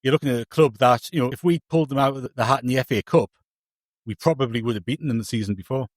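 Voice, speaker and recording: Talking very fast in a mid-range voice, captured on a dry recording, the co-host spins stories in relaxed podcast banter. He rambles, cuts himself off, and restarts constantly.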